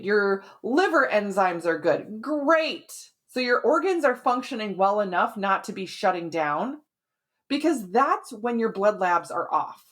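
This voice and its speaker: Chatty woman podcast host explaining health. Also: mid-range voice. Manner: chatty and explanatory, often adds "right?" and "like". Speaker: podcast host, women's hormone health expert.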